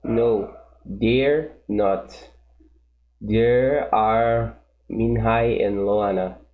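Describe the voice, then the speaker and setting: A man reads English sentences very slowly and carefully, the halting pace of a learner. His voice comes through a tinny, phone-like video call line. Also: on the low side, steady tone. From Brazil. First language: Portuguese. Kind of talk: reading practice sentences aloud.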